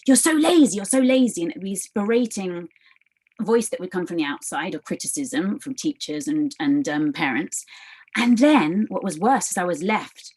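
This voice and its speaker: A woman in her thirties talks as a guest in an interview, with a slightly low voice. Her speech is animated, halting and full of restarts and fillers. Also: slightly rough, poor audio. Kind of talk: conversational interview.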